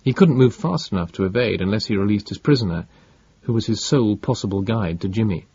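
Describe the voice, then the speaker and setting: A man reading an audiobook in a measured, dramatic narration. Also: lowish voice, expressive, dark tone, slightly rough, dull audio.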